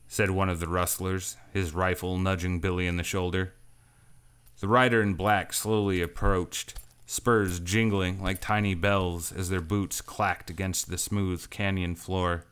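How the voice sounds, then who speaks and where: A man narrating a scripted space-western story in a measured, even storytelling manner. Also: low-pitched, clean tone. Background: faint guitar music.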